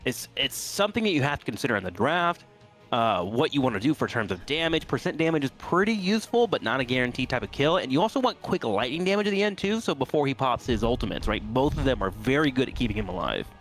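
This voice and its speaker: A man co-casting a video game match, excitable and teasing, laughing often. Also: medium pitch, quick pace, faint music behind. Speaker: esports co-caster. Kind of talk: esports commentary.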